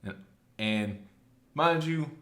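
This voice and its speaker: A man casually recapping a story, chatty and loose, slipping into quick quoted lines. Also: fairly high pitch, animated, bright, forceful tone. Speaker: anime recap host.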